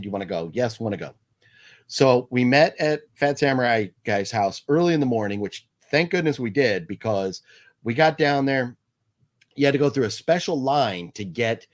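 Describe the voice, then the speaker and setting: A man with a fairly low voice hosts a live movie news stream, rambling casually with lots of fillers and restarts as he reads viewer comments aloud.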